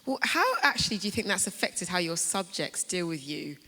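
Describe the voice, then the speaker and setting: A woman's voice: on the low side, expressive, a little fast, pushed and bright. Woman interviewer in a reverberant hall. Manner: brief interjections and playful asides. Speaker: interviewer and host. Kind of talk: on-stage conversation. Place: large chapel before a live audience.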